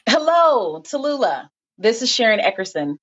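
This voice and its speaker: Audiobook role: woman playing a brisk, assured editor, high and lively, dull lo-fi recording. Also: husky, exaggerated voice. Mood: businesslike. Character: middle-aged woman magazine editor, businesslike and brisk.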